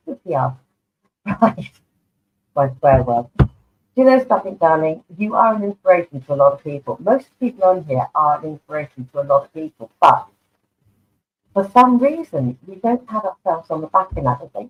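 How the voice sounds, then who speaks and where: A woman's voice: low-pitched, animated, normal speed. A woman reads tarot cards for viewers during a live online session. She is chatty and affectionate and calls people darling. Her voice comes through narrow and tinny, like a phone line. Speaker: tarot card reader. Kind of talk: live online card reading. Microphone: online video stream.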